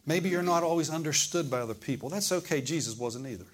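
His voice on the high side, a pastor preaches fast with lively intonation in a church service. He alternates loud and quiet passages and directs questions at the congregation.

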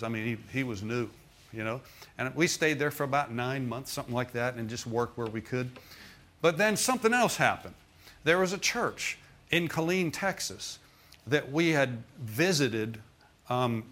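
A man's voice: medium pitch, a bit bright. Man, middle-aged, pastor, sermon, personal testimony, chatty asides to the congregation. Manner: conversational, frequent "okay?" and "you know" asides to the congregation.

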